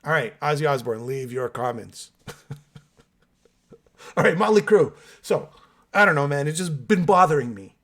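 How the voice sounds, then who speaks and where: A man with an expressive voice on the high side speaks at normal speed but leaves long pauses, his tone a bit bright. As host of a metal music channel, he's chatty and opinionated, addressing viewers directly in a casual solo podcast of reactions and comment-reading, still waking up with coffee.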